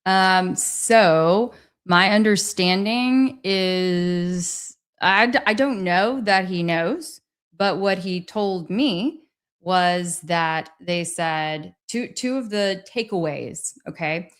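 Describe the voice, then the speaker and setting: Slow-talking woman streamer. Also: on the low side, clear, resonant tone. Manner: chatty, reads and thanks viewers' super chats. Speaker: livestream host. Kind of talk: casual livestream chat.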